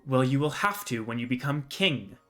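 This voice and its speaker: Stern royal father for a tabletop fantasy game, loud and formal, mid-pitched man's voice, put on by a man. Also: lively intonation, normal speed, soft background music, close to an everyday voice. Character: stern commanding middle-aged king.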